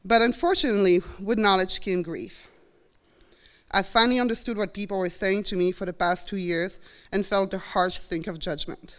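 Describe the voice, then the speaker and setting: A woman's voice: medium pitch, fairly even intonation, moderate pace, fairly bright tone. Belgian woman in her 40s, native french, earnest storytelling on stage, acts out quoted voices. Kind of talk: live storytelling performance. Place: college stage before an audience.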